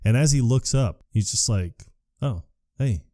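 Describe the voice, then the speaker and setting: A man co-hosting a podcast, retelling a film scene in casual chat, quick to quote the characters. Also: medium pitch, dry recording, studio quality. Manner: animated retelling, quick quotes, frequent laughs. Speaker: podcast co-host. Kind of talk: casual movie recap chat.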